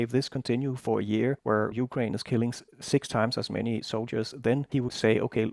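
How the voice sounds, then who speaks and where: A man's voice: mid-range voice, gravelly, darkish tone, no echo, studio quality. A man vlogging opinionated news commentary in an earnest, insistent way.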